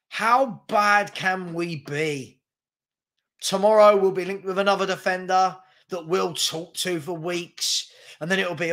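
Hosting a football fan channel, a man vents his anger to camera in a high, slightly bright voice, exasperated and repeating rhetorical questions over and over.

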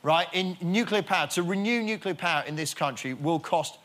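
A man's voice: high-pitched, fairly quick, a bit bright. A man on a comedy panel show, cutting in to argue a mock debate point. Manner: interrupting, argumentative.

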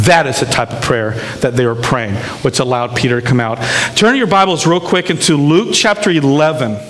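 A man's voice: mid-range voice, a little fast, a bit bright. A man preaching a sermon as pastor, emphatic and often checking in with the congregation. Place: church sanctuary. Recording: long hall reverb in a church.

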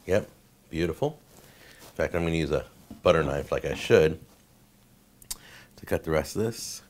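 A man hosting a home cooking show, talking casually and enthusiastically, stammering and repeating words when excited. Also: rumbling low, normal speed. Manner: enthusiastic, gushing over food. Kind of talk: casual cooking demonstration talk.

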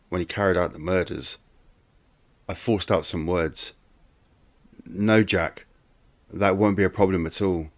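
A man tells a true-crime story in the first person. His voice sits a little low, and he keeps the telling plain and conversational. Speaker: audiobook narrator.

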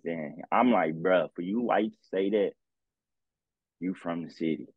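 Young st. guy, husky and lowish voice, slangy stories, phone-like tinny sound. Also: measured pace, long pauses, no room sound. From St. Louis, US. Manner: animated storyteller, slangy, profane. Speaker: podcast guest, music producer. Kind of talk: casual chat.

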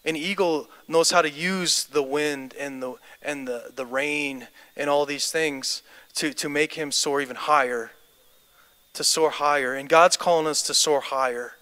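At a church service with music underneath, a man preaches and then prays in a fairly high, bright, forceful and smooth voice, steady in tone and a little slow. Impassioned and repetitive, he builds to declarations.

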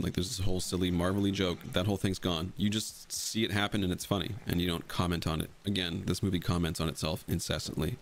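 A man's voice: low voice, level tone, fast talker, hardly any pauses, a little hiss or hum. A young man giving a casual, blunt voice-over commentary about his own film edit and swearing freely as he talks. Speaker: video creator explaining his fan edit of a film.

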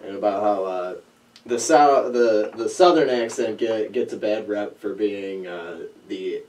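Low-voiced man chatting haltingly. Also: darkish tone, recorded from a distance, a little hiss or hum. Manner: halting, laughs through his sentences. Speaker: podcast host. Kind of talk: casual chat.

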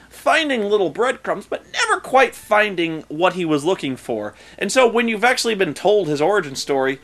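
A man giving a casual, rambling film review as a vlogger, sarcastic and loose, full of fillers and restarts. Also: fairly high pitch. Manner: rambling and sarcastic, lots of fillers, shouted mock quotes. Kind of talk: casual unscripted ranting review.

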